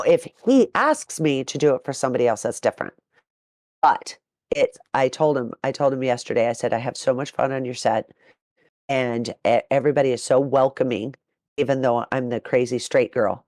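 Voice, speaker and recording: Casting: woman, 30s, low-pitched, dry close sound, animated swearing storyteller. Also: normal speed, no room sound. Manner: animated, profane, acts out quotes. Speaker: podcast co-host. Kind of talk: casual storytelling chat.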